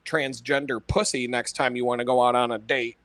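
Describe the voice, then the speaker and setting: A man's voice: medium pitch, little pitch movement, a little fast, fairly bright tone, no echo. A man telling blunt stories in a casual monologue, swearing constantly and laughing at his own punchlines. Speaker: podcast host. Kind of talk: casual profane storytelling monologue.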